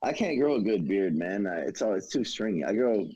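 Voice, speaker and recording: Casual co-host: man with a dark, mellow voice on a dull, lo-fi mic, loose and profane. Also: fairly low pitch, lively intonation, fairly quick. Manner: rambling, swears freely, asks for agreement. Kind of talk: casual chat. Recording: dull lo-fi mic with faint noise.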